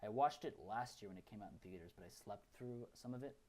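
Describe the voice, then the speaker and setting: A man's voice: fairly low pitch, fast talker, darkish tone. A man co-hosting a podcast, recapping films in casual, rambling chat full of fillers and restarts. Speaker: podcast co-host.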